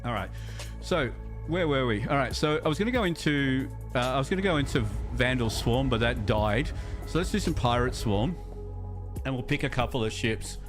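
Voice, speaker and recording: A man's voice: mid-range voice, lively intonation, moderate pace, over music. An Australian man chatting casually on a game livestream, rambling and repeating words as he thinks aloud, reading viewer chat as he plays. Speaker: streamer.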